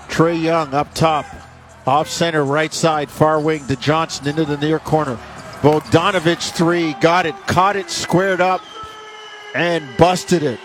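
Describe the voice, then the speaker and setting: A man calling basketball play-by-play in clipped bursts that rise on made shots. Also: on the high side. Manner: rapid clipped calls, rising on made shots. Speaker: play-by-play announcer.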